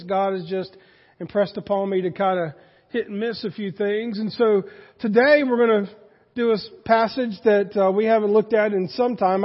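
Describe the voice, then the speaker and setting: Male pastor, sermon, high voice, conversational, questions to the congregation, reverberant church, muffled sound.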